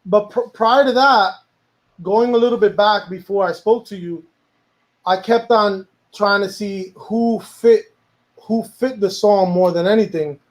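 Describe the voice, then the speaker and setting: A man's voice: high-pitched, a little slow, rough recording. A man, a music producer, talking casually about making a song, rambling and slipping into Spanish now and then. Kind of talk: casual chat.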